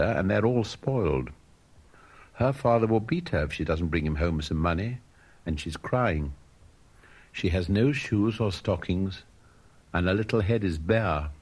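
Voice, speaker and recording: A man voicing a grave, gentle prince statue who speaks softly and commands with sorrow. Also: low voice, husky, exaggerated voice.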